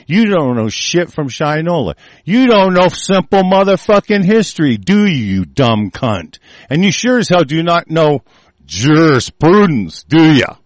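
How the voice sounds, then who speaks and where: A man's voice: fairly high pitch, sing-song, a little slow, no echo. A man delivering an angry, profanity-laden monologue, swearing constantly and often breaking off and restarting mid-sentence.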